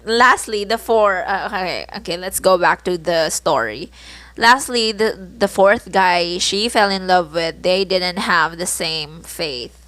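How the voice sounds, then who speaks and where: A woman's voice: lowish voice, measured pace, a bit bright, no room sound. A young woman with a Filipino accent hosting a casual solo podcast, telling stories from her own life with laughs, groans and self-mocking asides. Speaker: podcast host.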